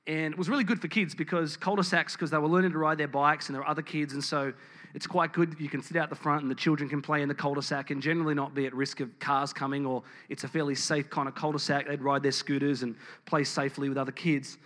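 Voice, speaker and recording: A man's voice: on the high side, little pitch movement, fast, fairly bright tone. A man preaching a sermon in church, candid and storytelling, with frequent ums and restarts. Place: church building with congregation.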